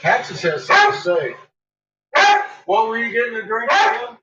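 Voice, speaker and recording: A man's voice: very high-pitched, wildly swooping pitch, moderate pace. A man chatting casually while he cooks in his home kitchen, swearing freely and teasing his dogs. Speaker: vlogger. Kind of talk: casual chat while cooking. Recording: echoey, distant, dull, noisy with dogs barking.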